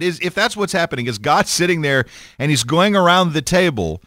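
A man giving an irreverent, sarcastic rant, animated and stammering as he goes. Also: on the high side, fairly quick, no room sound, studio quality. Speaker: commentator.

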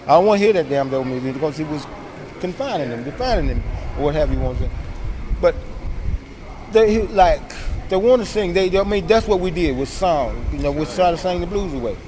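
A man's voice: on the high side, fairly quick. A man telling stories in a casual chat, acting out voices as he goes. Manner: animated storyteller, acts out voices. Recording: noisy outdoor street recording.

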